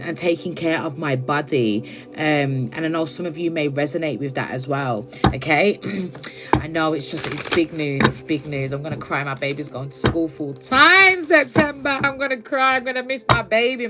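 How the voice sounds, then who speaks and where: A woman giving a blunt, chatty tarot reading on a live stream from her phone. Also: on the low side. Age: adult. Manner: chatty, blunt, with frequent laughs and swearing. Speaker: tarot reader.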